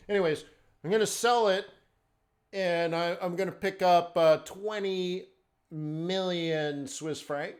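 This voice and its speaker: A man's voice: high voice, steady tone, takes it slowly. Chatty man hosting a trading webinar. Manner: conversational, rhetorical questions, frequent "okay?" and "right?". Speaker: forex trading webinar host. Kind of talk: live trading webinar talk.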